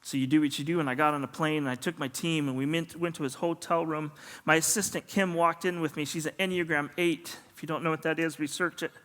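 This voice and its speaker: Animated man preaching in a hall. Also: on the high side, fast talker. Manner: animated storyteller, acts out dialogue. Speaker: pastor. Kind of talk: sermon storytelling. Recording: long hall reverb.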